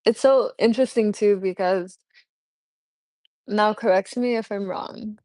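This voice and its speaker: A woman's voice: medium pitch, steady tone, a little slow, dark tone, no echo. A woman hosting a casual live stream chat, rambling with many fillers and laughing often. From United States. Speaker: livestream host.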